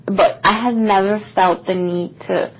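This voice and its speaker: A young woman at an ordinary middle pitch recounts a personal story on a podcast, casual and meandering and full of filler words. The recording is muffled and lo-fi, lacking crispness. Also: fairly even intonation, measured pace. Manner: casual, rambling, with many "like" fillers. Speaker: podcast co-host.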